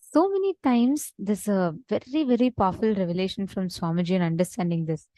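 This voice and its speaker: A woman giving an earnest online spiritual talk, telling a story and slowing down for emphasis. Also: medium pitch, expressive, mellow, no echo. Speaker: meditation teacher. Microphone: online video call.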